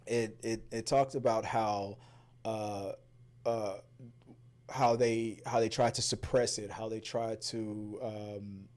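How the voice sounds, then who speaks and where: A medium-pitched man in his thirties hosts a casual chat reviewing movies. He trips over and repeats words and bursts into loud laughter.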